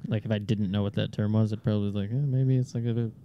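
A man's voice: fairly low pitch, fairly even intonation, lo-fi sound, slight background noise. A man in a casual podcast chat who rambles with lots of filler words. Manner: fast, rambling with many "like"s.

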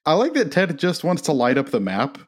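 A man's voice: a little high, wildly swooping pitch, a little fast, slightly rough. Rambling opinionated man on a podcast. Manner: rambling, opinionated, with many fillers. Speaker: podcast co-host. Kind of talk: casual movie commentary podcast.

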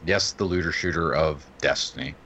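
Low, bright-voiced male co-host, rambling explainer, faint hiss behind. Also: moderate pace. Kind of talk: casual gaming chat.

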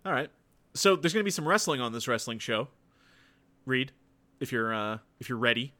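A man casually commenting on a wrestling show with a friend, relaxed, with dry jokes and trailing asides. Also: medium pitch, moderate pace. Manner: relaxed, laid-back, mumbles and restarts, dry jokes.

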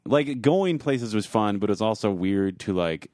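Very deep-voiced rambling man. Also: lively intonation, normal speed, darkish tone, no echo, studio quality. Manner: rambling, many likes and trailing restarts. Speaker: podcast co-host. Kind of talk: casual chat.

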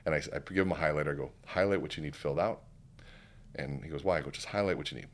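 Rapid-fire and very deep, a man shares a story as a podcast guest and keynote speaker in casual talk. He's animated, acting out the dialogue of those involved.

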